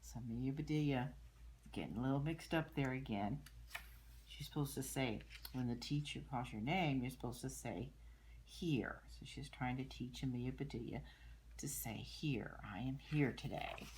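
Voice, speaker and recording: An older woman, a grandmother, reading a picture book aloud to children and gently explaining the pictures, with soft murmured asides. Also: rumbling low, normal speed, slightly rough. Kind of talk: storybook read-aloud with commentary.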